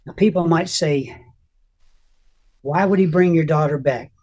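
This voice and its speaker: An older man telling an emotional personal testimony as an interview guest, earnest and halting, often restarting his sentences. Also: fairly high pitch, darkish tone.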